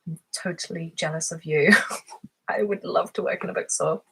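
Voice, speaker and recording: A woman's voice: deep voice, steady tone, normal speed, gravelly, slight background noise. A woman hosting her ASMR channel's live stream who chats casually, reads out viewer comments and giggles often. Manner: chatty and giggly, laughs often.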